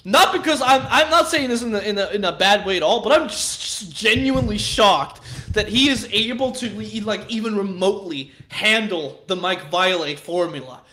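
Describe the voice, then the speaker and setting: High-voiced guy rambling and cussing, laughs a lot, bright tense tone. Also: lively intonation, normal speed. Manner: profane, rambling, frequent laughter. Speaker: channel host. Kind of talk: casual rambling chat.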